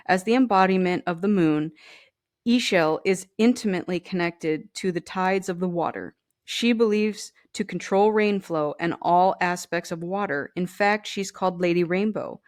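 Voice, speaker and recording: Lower-voiced woman giving a card reading. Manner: chatty, addresses viewers directly with "you know" asides. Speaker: tarot and oracle card reader. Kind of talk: casual card reading, reading card text aloud.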